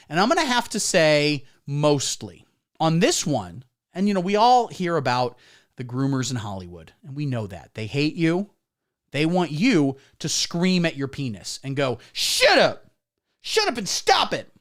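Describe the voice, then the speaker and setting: A man hosting a comedy livestream, delivering a satirical monologue in the style of a mock pundit, with deadpan asides. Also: a little high.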